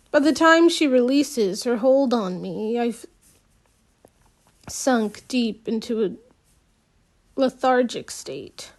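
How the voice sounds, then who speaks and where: A woman reads a novel aloud at a slow, unhurried pace. Her voice sits a little high. She restarts lines and drops in small asides as she goes. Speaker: audiobook reader. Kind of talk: unpolished audiobook narration.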